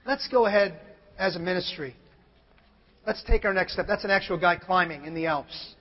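A pastor preaching a sermon, telling a story in an animated way and acting out other people's lines, sometimes building up to shouts. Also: male voice, high voice, normal speed, husky. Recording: long hall reverb, dull lo-fi sound.

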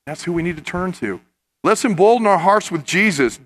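A man's voice: high-pitched, lively intonation, fairly quick, a bit bright. A man preaching a sermon, earnest and rising to impassioned emphasis as he addresses his listeners. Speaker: pastor.

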